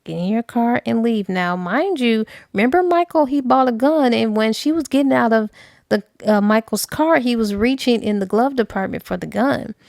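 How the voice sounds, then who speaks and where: Animated woman recapping a book. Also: fairly high pitch, normal speed, creaky, no echo, studio quality. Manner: animated, slangy storytelling. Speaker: book reviewer. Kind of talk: casual book review recap.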